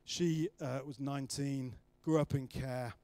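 A man preaching a sermon, telling the story with lively acted-out voices of the people in it. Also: medium pitch, a little slow, dry recording. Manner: animated storytelling, acting out voices of the disciples.

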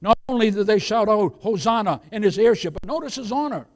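Man, pastor, sermon, high voice, loud emphasis and hushed asides. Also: lively intonation, brisk. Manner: preaching, keeps calling the congregation "beloved".

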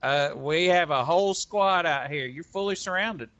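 A man's voice: on the high side, normal speed, a bit bright, highs cut off. A man voicing a police officer in an improvised game role-play, talking in a folksy, persistent, negotiating way.

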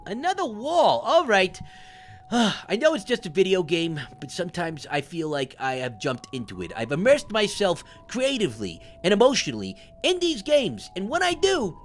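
A man's voice: high voice, slight background noise. A man voicing a jittery, wisecracking talking orange who hosts cartoon game commentary, yelping and joking as he plays. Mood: jokey. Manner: jumpy, yelps and shouts when startled, jokey asides. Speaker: gaming host. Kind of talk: cartoon let's-play commentary.

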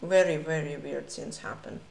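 A woman's voice: sits low, steady tone, moderate pace, a little mellow. A woman streaming chess live, chatting with viewers and laughing often. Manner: giggly, laughs often between remarks; reads out moves and chats with viewers. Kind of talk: casual live-stream chat while playing blitz. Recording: echoey room with clear background noise.

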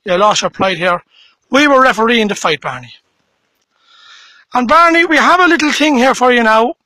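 A man's voice: very high-pitched, animated, moderate pace, bright, forceful tone, no echo, low-quality recording. A man outdoors in a bog records a mocking, repetitive challenge video. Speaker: bare-knuckle fight challenger.

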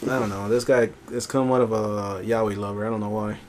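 A man's voice: fairly low pitch, fairly even intonation, brisk, slight background noise. Young man teasing his co-host. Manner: teasing, blunt, swears. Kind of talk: casual gameplay commentary.

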